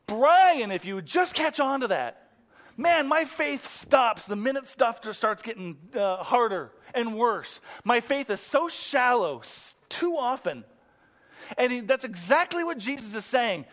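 High-voiced pastor guy preaching in church, goes loud and excited then real quiet. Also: unhurried. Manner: swings from excited emphasis to hushed intensity. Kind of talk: sermon. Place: church room.

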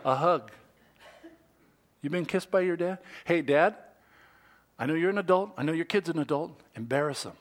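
A man's voice: on the high side, moderate pace, pauses often. Middle-aged man preaching conversationally. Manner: conversational preaching with quoted asides, dropping to soft whispers. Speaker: pastor. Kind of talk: sermon.

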